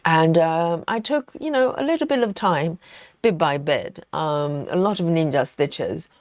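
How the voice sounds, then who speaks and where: A woman's voice: sits low, animated, measured pace, dry recording. Giggly woman chatting on a stitching livestream. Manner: chatty and giggly, reads viewer comments aloud; snacks on chocolate while talking. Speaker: livestream host. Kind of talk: casual live-stream chat while cross-stitching.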